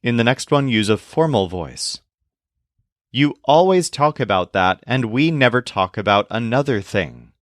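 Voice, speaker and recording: A male teacher narrates a recorded language lesson, his pitch rising and falling with a lively, animated lilt. He talks slowly and carefully, spelling words letter by letter. The voice is dry and close, with no room sound. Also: dry recording. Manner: slow, deliberate explanations with spelled-out words.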